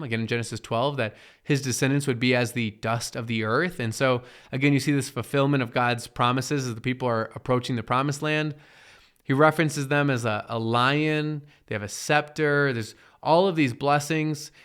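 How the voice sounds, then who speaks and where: Speaking in a clear, resonant, slightly bright mid-range voice, this man gives an informal Bible lesson. He keeps asking "right?" and performs the voices of the characters he quotes as he retells the story.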